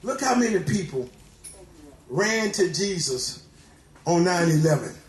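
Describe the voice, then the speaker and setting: Man, very high voice, shouting sermon, echoey church room, faint music. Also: very animated, unhurried. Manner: preaching with shouts and repeated hallelujahs. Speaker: pastor.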